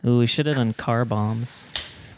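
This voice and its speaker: A man's voice: mid-range voice, takes it slowly. A man co-hosting a podcast in easygoing, jokey casual chat with loose filler words. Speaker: podcast co-host.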